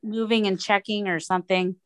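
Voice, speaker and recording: A woman's voice: mid-range voice, fairly even intonation, fairly quick. A woman co-hosting a podcast in casual chat, adding short agreeing remarks and extra details. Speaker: podcast co-host.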